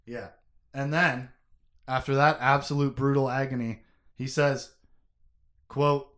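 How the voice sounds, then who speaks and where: A young man co-hosting a podcast and talking casually about a novel. His voice sits in an ordinary middle register. He is emotive and conversational, full of fillers and quick reactions. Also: mid-range voice, steady tone, a bit bright.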